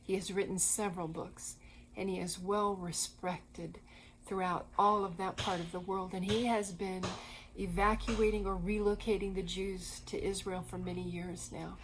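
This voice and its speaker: A woman's voice: mid-range voice, moderate pace, slight background noise, rough recording. Earnest woman telling ministry stories. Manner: earnest, animated storyteller. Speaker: co-host of a Christian ministry program. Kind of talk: storytelling conversation.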